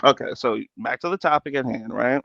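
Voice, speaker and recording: A man's voice: medium pitch, a little fast, gravelly, pushed and bright, dry recording. Defensive man on dull call audio. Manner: defensive, repeats himself, stammers. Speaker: debate guest. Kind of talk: heated live-stream debate.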